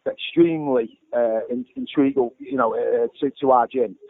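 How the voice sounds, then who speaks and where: A man's voice: mid-range voice, normal speed. A man, a small gym owner, complaining bluntly about a phone fault and swearing between calls. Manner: exasperated, heavy swearing, blunt. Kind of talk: phone complaint and ranting asides. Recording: lo-fi phone-like sound with faint music.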